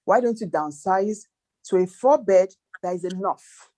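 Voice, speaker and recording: A woman's voice: medium pitch, measured pace, warm tone. Woman financial planner, emphatic advice. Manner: emphatic, lists figures, asks rhetorical questions. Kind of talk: advice talk.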